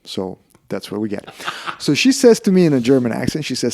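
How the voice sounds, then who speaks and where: A man with a Russian accent tells stories as a podcast guest, acting out each quoted line. His pitch sits in the middle but swings widely. He talks in a casual, chatty way. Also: fast talker, hardly any pauses. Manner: animated, acts out dialogue in quoted voices. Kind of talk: casual storytelling interview.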